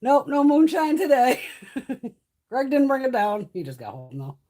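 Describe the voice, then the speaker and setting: Lively, husky, profane woman. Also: sits high, unhurried. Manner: blunt, profane and animated, laughing often. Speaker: beauty livestream host. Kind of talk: casual livestream chat.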